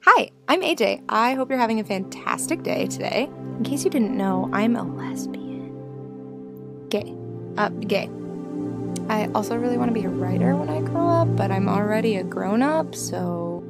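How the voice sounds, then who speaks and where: Bubbly woman chatting over loud music. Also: fairly high pitch, expressive, normal speed, vocal fry. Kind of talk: casual talk to camera.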